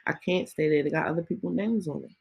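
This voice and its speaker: A woman's voice: low voice, fast talker, creaky, a little mellow, breathy edge, low-quality recording. A woman hosting a podcast, ranting in a casual, heated and indignant way with lots of rhetorical questions. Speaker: podcast host.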